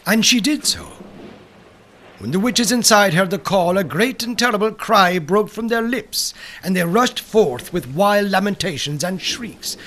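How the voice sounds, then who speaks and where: A man reading folk tales aloud in a slow, dramatic storytelling manner. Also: high voice, fairly bright tone. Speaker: narrator. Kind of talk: scripted folklore narration.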